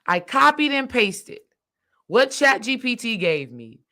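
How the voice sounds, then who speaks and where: A woman, a spiritual coach, telling a personal story in a casual monologue, emphatic and animated, speaking straight to her listeners. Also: on the high side, measured pace. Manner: animated, acts out quoted dialogue; emphatic, addresses listeners directly.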